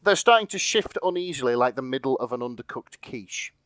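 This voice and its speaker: A man's voice: mid-range voice, expressive, brisk, fairly bright tone, smooth, dry recording. A man co-hosting a podcast, chatting casually and laughing as he retells a fan fiction, swearing freely. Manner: laughing, swearing, rambling with fillers. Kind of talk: casual chat.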